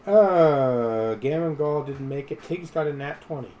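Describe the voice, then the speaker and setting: A man playing a tabletop game, relaxed, describing his character's actions. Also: on the high side, unhurried, lo-fi sound. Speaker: player. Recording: faint background noise.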